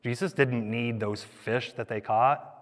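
A man preaching a sermon, animated and conversational, with joking asides to the congregation. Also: mid-range voice, a little slow. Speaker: pastor. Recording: long hall reverb.

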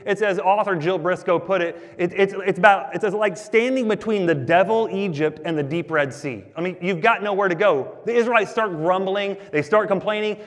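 A man preaching a sermon as the pastor, talking to the congregation in a conversational, animated way. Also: high voice, big-room sound.

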